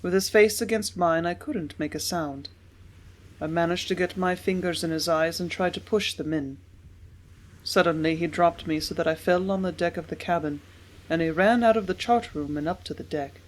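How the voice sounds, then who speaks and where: A woman narrating an audiobook in a measured, steady reading voice. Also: on the low side, slight background noise. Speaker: audiobook reader.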